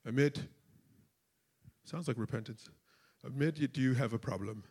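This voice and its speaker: A man putting on the voice of a stern male counselor, asking low, probing questions. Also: moderate pace, darkish tone, husky, natural voice.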